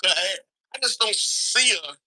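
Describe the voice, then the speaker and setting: A man's voice: sits high, lively intonation, normal speed, sharp tone, rough recording. A man calling in to a live stream, giving blunt, opinionated views in a drawling, casual way. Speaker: caller. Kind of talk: casual call-in chat.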